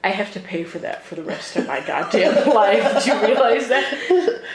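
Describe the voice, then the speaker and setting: A woman's voice: fairly high pitch, big pitch swings, normal speed, a crowd in the background. A woman in her thirties co-hosting a casual podcast, chatty and laughing, with lots of swearing. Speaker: podcast co-host. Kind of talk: casual chat. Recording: echoey room with faint noise.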